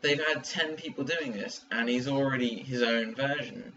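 Man, podcast co-host, bright forceful voice, distant mic with dull sound. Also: mid-range voice, moderate pace, a little hiss or hum. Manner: chatty, self-interrupting. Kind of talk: casual chat.

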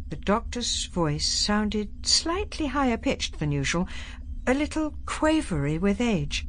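A woman narrating an audiobook with an expressive, varied reading. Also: mid-range voice, a little slow, a little hiss or hum.

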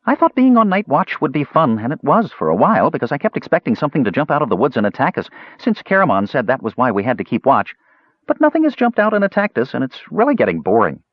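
A man voicing a bubbly, carefree little kender with a high, excited, squeaky voice. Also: quick pace, dry recording, dull audio. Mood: eager.

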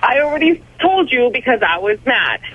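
A woman's voice: fairly high pitch, sing-song, moderate pace, fairly bright tone, breathy edge, dry recording. A woman calling into a radio show, arguing defensively and indignantly. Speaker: caller. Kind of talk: call-in radio argument. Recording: muffled phone line.

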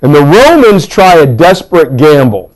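A man teaching a history class, telling the story with lively asides and acted-out quotes. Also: on the high side, normal speed, rough recording. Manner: animated storytelling with pop-culture asides. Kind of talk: classroom lecture.

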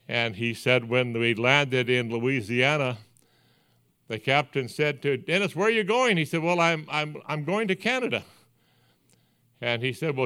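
An older man, a pastor, giving a sermon, telling stories in an earnest, folksy way that drops to hushed, quiet passages. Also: mid-range voice. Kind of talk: sermon storytelling.

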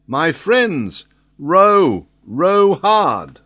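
A man's voice: fairly high pitch, very animated, a little slow, bright, forceful tone, full character voice. A man voicing a commanding nobleman who calls out urgently in a storybook reading. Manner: urgent exclaiming. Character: commanding nobleman leading fugitives.

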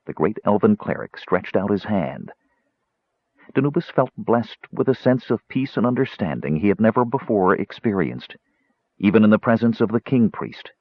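A man's voice: lowish voice, expressive, normal speed, no echo. A man narrating a fantasy novel aloud as a storyteller, in a dull, dry, lo-fi recording. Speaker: audiobook narrator.

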